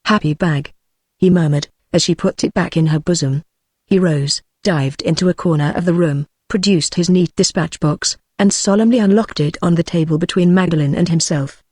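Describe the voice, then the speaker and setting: A text-to-speech woman's voice with a British English accent, reading a classic novel aloud at a steady, measured pace without voicing the characters. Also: lowish voice, breathy edge, no echo, studio quality. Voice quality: synthetic, evenly paced. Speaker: audiobook narrator.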